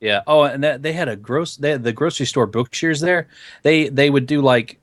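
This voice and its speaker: A man's voice: medium pitch, normal speed, dry recording, studio quality. A man with a Southern US accent, co-hosting a casual podcast chat, rambling and joking, a bit sniffly from a cold. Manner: rambling, joking, does playful voices. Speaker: podcast co-host.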